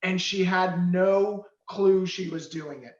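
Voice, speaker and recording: Brief animated male trainer, higher voice, roomy echo, dull audio. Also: takes it slowly. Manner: animated, acts out examples. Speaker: real estate trainer. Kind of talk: coaching talk with examples.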